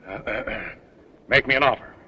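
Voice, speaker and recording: A man's voice: mid-range voice, a little fast, sharp tone, slightly rough. A flowery, stammering con man. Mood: scheming. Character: smooth-talking male con man, flowery and fawning. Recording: dull 1930s film soundtrack, faint hiss.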